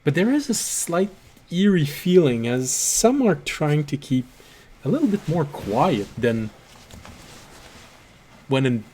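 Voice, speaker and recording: A man's voice: a little high, big pitch swings, darkish tone, slight background noise. Man narrating as game master. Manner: unhurried narration with fillers and restarts.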